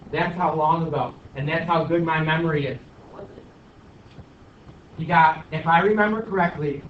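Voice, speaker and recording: A male math teacher giving his class an animated, teasing pep talk and review, recorded in a classroom. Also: fairly high pitch, distant mic, a little hiss or hum. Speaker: high school math teacher. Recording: echoey dull classroom recording from afar.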